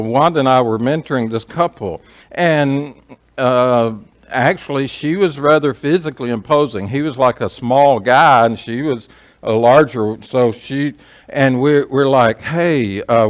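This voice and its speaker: Man giving a chatty marriage seminar. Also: mid-range voice. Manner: conversational, asks the audience "right?"; acts out quoted voices. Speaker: seminar speaker. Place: church hall.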